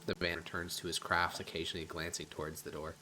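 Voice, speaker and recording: A man narrating as game master in a tabletop game, casual and halting with fillers. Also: sits low, flat delivery.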